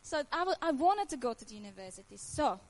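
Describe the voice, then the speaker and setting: Woman, Croatian accent, high voice, faith testimony, earnest and emotional, nonnative English. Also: big pitch swings, quick pace, slight background noise, rough recording. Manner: earnest, emotional, laughs often, nonnative grammar. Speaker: testimony speaker.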